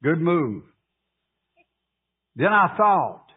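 A man preaching a sermon as pastor, reading scripture aloud and pressing his congregation with emphatic, drawn-out questions. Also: lively intonation, breathy edge. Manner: preaching, rising to emphatic high pleas, drawn-out delivery. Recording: tinny phone-like radio broadcast.

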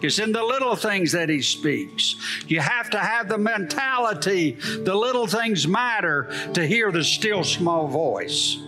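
A man's voice: high-pitched, animated, measured pace, over music. A middle-aged male pastor preaching a sermon, telling a story and asking the congregation rhetorical questions.

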